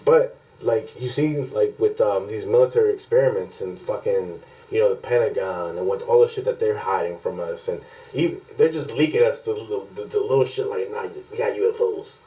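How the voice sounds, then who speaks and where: A man's voice: on the low side, brisk, warm tone, rough recording. A man co-hosting a podcast in casual chat, rambling and profane, often laughing as he talks. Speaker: podcast co-host.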